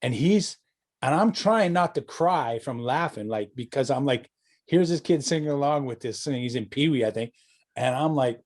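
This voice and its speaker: A man's voice: medium pitch, lively intonation, normal speed, darkish tone. A middle-aged Canadian man, a hockey parent guest, telling rambling anecdotes with many restarts and chuckles. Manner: rambling, self-correcting, laughs at his own stories. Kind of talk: casual storytelling interview.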